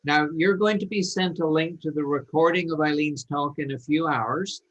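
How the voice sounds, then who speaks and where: A man's voice: on the high side, normal speed, dull audio, a little hiss or hum. A man hosting an online webinar, introducing a guest and giving instructions to participants in an upbeat manner. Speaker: webinar host. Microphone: video call.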